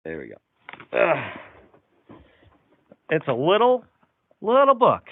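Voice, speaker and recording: A man's voice: fairly high pitch, wildly swooping pitch, takes it slowly, breathy edge. A man hosting a casual live stream, reading out silly jokes and viewer comments with frequent chuckles. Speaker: livestream host. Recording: tinny, phone-like sound.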